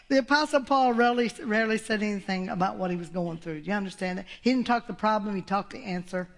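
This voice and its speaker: A woman's voice: mid-range voice, fast, hardly any pauses. An older woman preaching a sermon, folksy and exclamatory, with laughs between her points.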